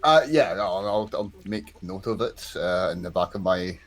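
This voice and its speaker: Lively low-voiced man at a tabletop game. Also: moderate pace. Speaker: player. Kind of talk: casual chat in a tabletop game.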